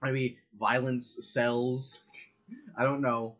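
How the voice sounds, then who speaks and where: A man's voice: medium pitch, level tone, slow pace, a bit bright. A man co-hosting a casual podcast, rambling and arguing with a laugh. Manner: rambling, argumentative, laughs a lot. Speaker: podcast co-host. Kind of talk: casual chat.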